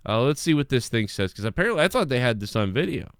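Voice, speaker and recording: Young guy hosting his stream, swears a ton, rambles and restarts, smooth voice, dry close sound. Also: mid-range voice, very animated, fast talker, dry recording. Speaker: live stream host. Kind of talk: casual live-stream commentary.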